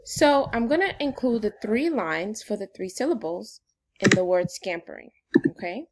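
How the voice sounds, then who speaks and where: A woman teacher leads a phonics lesson for young children. Her voice sits at an ordinary middle pitch, and her delivery is upbeat and sing-song, the way a teacher talks to small kids. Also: lively intonation, moderate pace.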